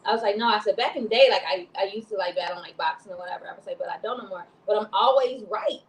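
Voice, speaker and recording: A woman's voice: mid-range voice, rapid-fire, roomy sound, rough recording. A woman from Chicago co-hosting a casual talk show, rambling and laughing often. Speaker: co-host. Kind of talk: casual chat.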